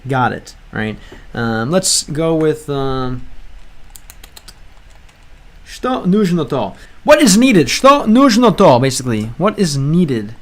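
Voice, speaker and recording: A man's voice: a little high, fairly bright tone. A man giving casual commentary while playing a game, chatty and full of restarts, reading lines aloud and translating them. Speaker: language-learning gaming creator.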